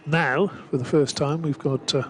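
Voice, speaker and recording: A man's voice: on the high side, steady tone, moderate pace, fairly bright tone, a little hiss or hum. A man giving live, rambling cricket commentary with lots of fillers, from a gazebo at the ground. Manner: chatty, rambling with frequent fillers.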